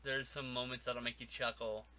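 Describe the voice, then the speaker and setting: A man's voice: medium pitch, level tone, normal speed, over a noisy crowd. A man co-hosting a podcast, talking about a film in a rambling, wry way full of "like" and restarts. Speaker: podcast co-host. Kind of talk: casual movie review chat.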